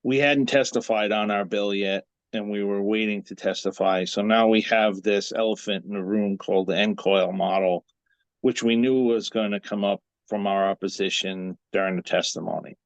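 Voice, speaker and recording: A male dental association president giving measured answers in an interview and asking rhetorical questions. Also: fairly low pitch, steady tone, no echo.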